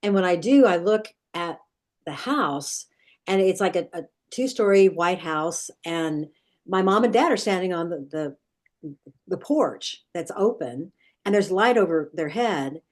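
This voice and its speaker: In an interview, a middle-aged woman appearing as a dream expert earnestly recounts a childhood nightmare in vivid detail, restarting her sentences often. Her voice sits on the low side and sounds animated, with a measured pace.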